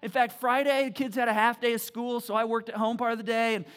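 A pastor preaching a sermon, telling family stories with animated, repetitive emphasis. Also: male voice, very high voice, fast.

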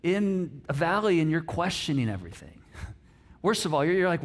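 Pastor guy preaching, kinda high voice, chatty and animated, lots of restarts. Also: moderate pace. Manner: conversational, animated, acts out quotes, frequent restarts. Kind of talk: sermon.

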